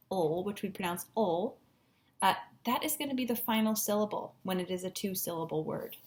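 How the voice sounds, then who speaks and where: A woman teacher giving a patient, encouraging phonics lesson at a whiteboard, sounding out syllables. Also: mid-range voice.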